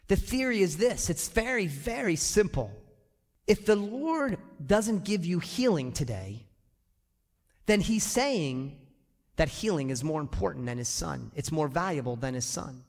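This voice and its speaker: Animated pastor guy, pretty high voice, talks right to the church, big reverby hall. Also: measured pace. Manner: animated, acts out quoted voices, addresses the congregation directly. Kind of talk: sermon. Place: church sanctuary.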